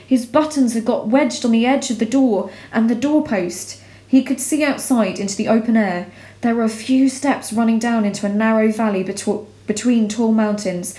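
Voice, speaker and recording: A woman reading a storybook aloud in a measured, expressive way. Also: a little high. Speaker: narrator. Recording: roomy echo.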